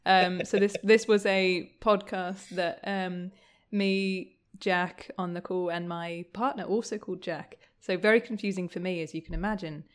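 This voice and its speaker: A woman's voice: lowish voice, steady tone, normal speed, few pauses, clean tone. Giggly young woman guest, full of ums. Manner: laughs often while talking, hesitant with many ums. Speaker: podcast guest. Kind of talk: casual chat.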